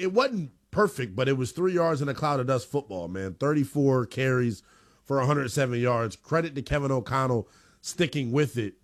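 A man hosting a sports talk radio show, animated and emphatic, with casual slang. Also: medium pitch, no echo, clean studio sound.

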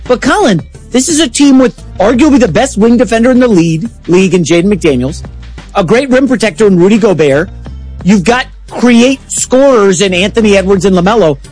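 A man co-hosting a sports talk show, chatting casually with quick asides. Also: high voice, lively intonation, a little mellow, soft background music.

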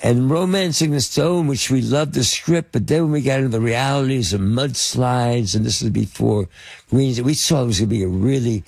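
An older man tells show-business stories in a gravelly, slightly husky voice. He stumbles through ums and false starts, circling back before landing each point. The sound is close and dry. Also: mid-range voice, a little mellow, no room sound. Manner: halting, lots of fillers and restarts. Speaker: interview guest, film producer and actor. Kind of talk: anecdotal storytelling in conversation.

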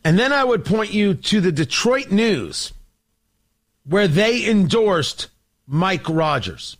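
Male political show host, high-pitched and very animated, sarcastic monologue delivery. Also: slow pace. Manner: sarcastic, theatrical, addresses the audience directly.

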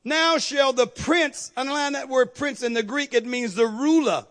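A man's voice: extremely high pitch, normal speed, few pauses, fairly bright tone. A male pastor preaching a sermon with call-and-response, building to emphatic outbursts.

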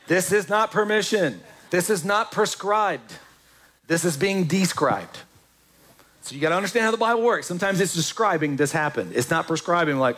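Male pastor, sermon, animated conversational delivery, slightly higher voice, lively pitch swings. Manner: animated, conversational preaching with quick asides.

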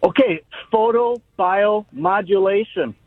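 A man's voice: high voice, slow pace, no echo. A man calling in to a radio talk show, joking in an easygoing way. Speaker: caller. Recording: tinny phone line.

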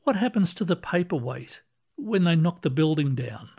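A man voicing a hesitant, gentle older woman. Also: fairly high pitch, very animated, moderate pace, slightly rough, exaggerated voice. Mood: wondering. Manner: hesitant, wondering, soft. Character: timid gentle older woman, newly dead.

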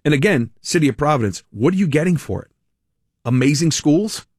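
A man's voice: on the high side, lively intonation, fast talker, slightly rough, dry recording, studio quality. A man hosting a talk radio show, delivering a sarcastic, mocking monologue with frequent laughs.

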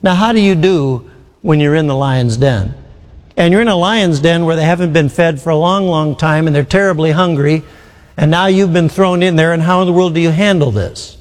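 A man preaching a sermon, asking rhetorical questions and slowing down to stress key phrases. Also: fairly high pitch. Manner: rhetorical questions, emphatic with slow drawn-out phrases. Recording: long hall reverb.

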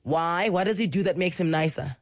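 A woman radio host, a little croaky from illness, chatting playfully on breakfast radio. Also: lowish voice, fairly quick, no echo, clean studio sound. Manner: playful, animated.

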